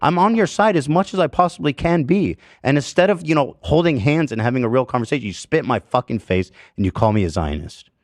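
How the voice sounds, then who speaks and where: A man's voice: mid-range voice, lively intonation, quick pace, hardly any pauses, no echo, clean studio sound. A man hosting a podcast who rants angrily and curses a lot, with heavy emphasis. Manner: angry, profane, emphatic. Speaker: podcast host. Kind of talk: heated podcast rant.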